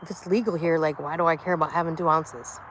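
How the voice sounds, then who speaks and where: A woman's voice: sits low, fairly even intonation, quick pace, fairly bright tone, slight background noise, rough recording. A middle-aged American woman chatting casually on a live stream, rambling and swearing freely as she talks. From United States. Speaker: vlogger.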